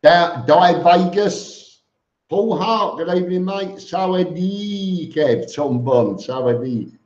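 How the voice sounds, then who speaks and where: Slow-talking man hosting a live stream. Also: high voice, darkish tone. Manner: greets viewers by name, chatty. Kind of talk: casual live stream chat reading comments. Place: home room with fans on. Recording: echoey room, dull lo-fi sound.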